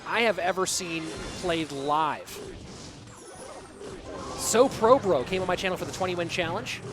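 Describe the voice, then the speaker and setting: High-voiced man casting a game live. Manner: chatty, talks straight to his chat. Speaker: streamer and tournament caster. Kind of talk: live-stream game commentary. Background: music.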